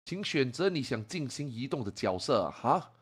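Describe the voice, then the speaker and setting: A man streaming a game, muttering to himself and then breaking into loud, sweary rants, switching between English and Chinese. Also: sing-song, normal speed, slightly rough. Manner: swings from low muttering to loud angry outbursts, swearing. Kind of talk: casual live-stream talk.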